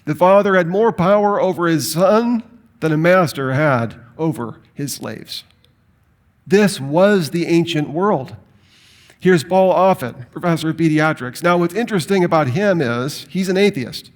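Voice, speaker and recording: A man teaches from the Bible to a live audience in a fairly high voice. He is emphatic and animated, and he leans on rhetorical questions to drive his points home. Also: a little slow. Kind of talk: lecture to an audience.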